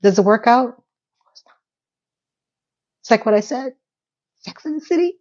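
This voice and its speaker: A woman casually recapping a TV episode in a chatty, animated way. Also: fairly high pitch, unhurried, dull audio. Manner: animated, acts out quotes.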